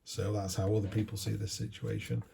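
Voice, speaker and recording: A man's voice: on the low side, level tone, brisk, creaky, warm tone, a little hiss or hum. A middle-aged man giving a casual, chatty, down-to-earth tarot reading. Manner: chatty, down-to-earth, acts out little quoted asides. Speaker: tarot reader.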